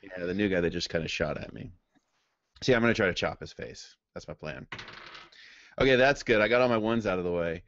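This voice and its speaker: This player has a low, slightly bright voice and talks fairly quickly during a tabletop game session over voice chat. He's hesitant, often restarting and filling gaps with ums, all through a dull, dry, lo-fi microphone.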